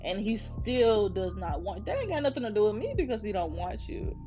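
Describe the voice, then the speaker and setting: Brief: twenty-something woman host, profane animated storytelling, slightly muffled audio, faint music underneath. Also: medium pitch, fairly quick. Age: 20s. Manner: profane, animated venting to listeners. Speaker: podcast host. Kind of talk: casual storytelling rant.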